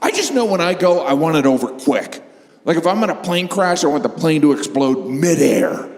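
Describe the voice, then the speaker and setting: A middle-aged man performing stand-up comedy, deadpan, bursting into shrieking exaggerations. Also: fairly high pitch, moderate pace. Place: large live comedy venue with audience laughter. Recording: echoey hall, noisy audience room.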